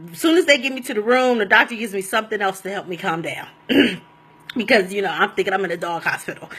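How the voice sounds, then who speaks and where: A woman telling a personal story in a casual, animated and rambling way, often laughing as she goes. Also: on the high side, husky.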